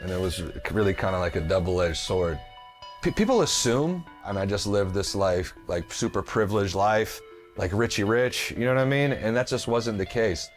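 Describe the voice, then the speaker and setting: Man interviewee, low voice swinging up and down, faint music behind. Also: lively intonation, normal speed. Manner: loose, slangy storytelling. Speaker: interviewee in a comedy news segment. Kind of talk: casual interview talk.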